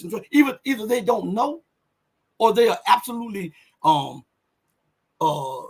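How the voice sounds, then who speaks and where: A man hosting live political commentary, speaking in an impassioned, rhetorical way, repeating phrases for emphasis and rising toward shouts on key points. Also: high voice, lively intonation, unhurried, creaky, long pauses, breathy edge.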